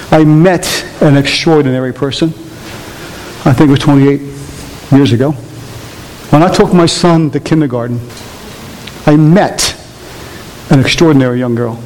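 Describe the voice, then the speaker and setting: A man's voice: mid-range voice, darkish tone, slight background noise. A man preaching a sermon to his church, emphatic and rising, throwing questions at the congregation. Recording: long reverb of a church hall.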